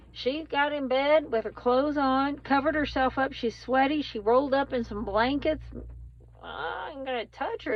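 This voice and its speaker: A woman's voice: a little high, dry recording. A woman in her forties, from Texas, talking candidly to her phone camera while driving, rambling with plenty of ums. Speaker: family vlogger. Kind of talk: casual vlog chat. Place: in a car, driving in rain. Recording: slightly dull lo-fi phone audio.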